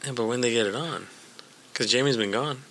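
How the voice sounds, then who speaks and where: A man co-hosting a casual chat, chiming in with quick agreement and jokey asides. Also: mid-range voice, a bit bright, poor audio. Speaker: podcast co-host.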